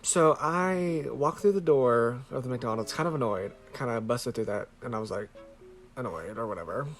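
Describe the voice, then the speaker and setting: A man talks straight into a close-held camera, spinning a long rambling story with plenty of swearing and "like"s. His voice sits at an ordinary middle pitch. Soft music plays faintly underneath. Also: normal speed. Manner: rambling, swears freely, fillers of "like". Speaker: vlogger. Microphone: handheld camera close to face.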